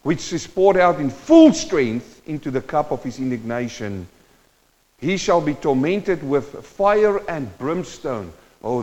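A male preacher giving a sermon, moving between quiet teaching and loud, impassioned exhortation and speaking straight to his listeners. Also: medium pitch. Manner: addresses the congregation directly. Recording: dull sound with long hall reverb.

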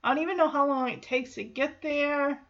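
Chatty high-voiced woman recapping. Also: a little fast, dull audio. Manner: animated, laughing, acts out characters. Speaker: show recapper. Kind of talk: casual recap chat.

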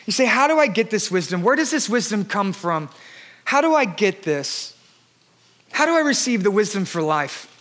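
A man preaching a sermon as pastor, swinging between loud, shouted declarations and hushed, quiet passages. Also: high-pitched, sing-song, normal speed.

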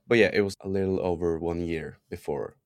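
Norwegian male musician guest, relaxed, a bit low-pitched, dry close sound. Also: fairly quick, dry recording. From Norway. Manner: relaxed, laughs easily. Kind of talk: casual interview.

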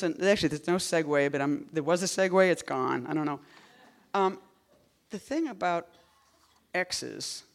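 Woman poet, casual talk at a reading, rambling and digressive, wry deadpan asides. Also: sits low. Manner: rambling and digressive, full of "like" and "you know".

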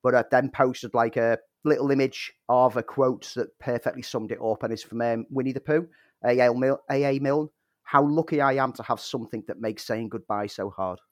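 A man's voice: mid-range voice, fairly even intonation, normal speed, dry recording, clean studio sound. A man co-hosting a podcast, speaking earnestly in casual chat with a few stumbles. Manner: earnest, stumbles and restarts words. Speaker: podcast co-host.

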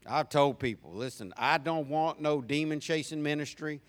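A man's voice: on the high side, normal speed. A man preaching a sermon as pastor, building intensity with emphatic repetition.

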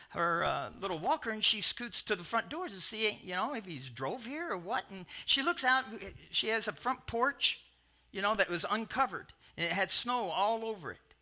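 A man in his sixties preaching a sermon, telling stories in a rambling, animated way with asides and restarts. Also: high voice. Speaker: pastor. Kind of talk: sermon storytelling.

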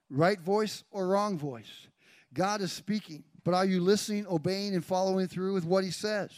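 A man's voice: high-pitched, a little mellow, no echo, studio quality. A man preaching a sermon as pastor, calling out to members of his congregation by name. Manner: preaching with call-outs to congregation. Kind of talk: sermon with live demonstration.

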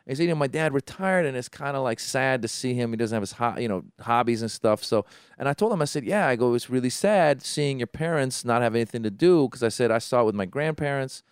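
A man on a podcast telling a story in casual chat, animated, with many restarts and acted-out voices. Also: medium pitch, quick pace, clean tone, dry recording, clean studio sound.

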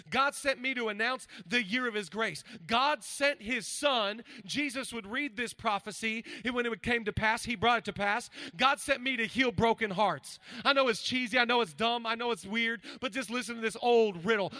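High, bright-voiced man preaching. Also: normal speed, hardly any pauses, dry recording, clean studio sound. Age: 40s. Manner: energetic, preachy, swings from loud to hushed. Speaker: pastor. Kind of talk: sermon.

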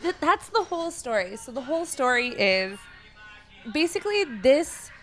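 A woman co-hosting a podcast in casual chat, teasing her co-host in quick back-and-forth. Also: high-pitched, very animated, fairly bright tone. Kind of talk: casual chat while watching a film.

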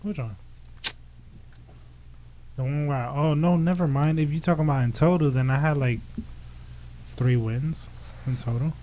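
Laid-back hesitant wrestler guest. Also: male voice, on the high side, moderate pace, pauses often, warm tone, poor audio. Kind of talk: casual chat.

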